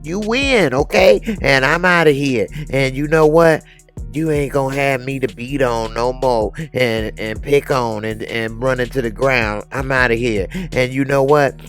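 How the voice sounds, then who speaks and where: A man's voice: mid-range voice, measured pace, fairly bright tone, faint music behind. A man voicing a brash, defiant middle-aged woman who scolds in sassy slang. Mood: fed up.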